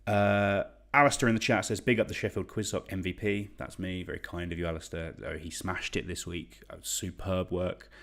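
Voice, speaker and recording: Quiz host, young English man, deep voice, casual and chatty, pokes fun at himself. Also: steady tone, moderate pace, few pauses. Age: young adult. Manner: chatty, self-deprecating, reads shout-outs. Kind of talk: casual quiz hosting livestream.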